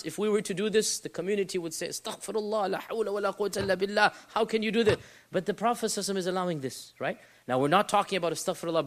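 A man giving a Quran lesson, explaining Arabic terms in a lively way with frequent rhetorical questions. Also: high voice. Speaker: Islamic teacher.

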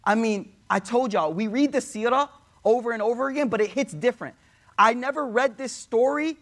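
A man's voice: very high-pitched, brisk, fairly bright tone. A man telling a religious story as a sermon, conversational, addressing listeners directly and weaving in Arabic quotations. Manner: conversational, addresses audience as y'all, quotes Arabic. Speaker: preacher.

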